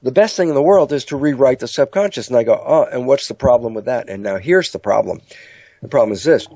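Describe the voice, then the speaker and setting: A man giving a lecture-style talk about the mind, telling stories and acting out inner dialogue. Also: fast talker. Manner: animated storytelling, acts out inner dialogue in higher voices. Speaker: speaker on biology and the mind.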